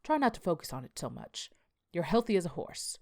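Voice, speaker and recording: A woman voicing a male doctor who speaks slowly and reassuringly, a little dismissive. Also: on the high side, big pitch swings, vocal fry, a little mellow, no echo, clean studio sound. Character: unbothered male family doctor.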